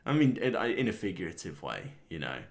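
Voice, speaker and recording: A man with a very low, deep voice talks through a wandering comic monologue. He is sardonic and self-deprecating, and he chuckles at his own jokes between the tangents. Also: sing-song, fairly quick, creaky. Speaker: comedian host. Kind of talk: rambling solo monologue.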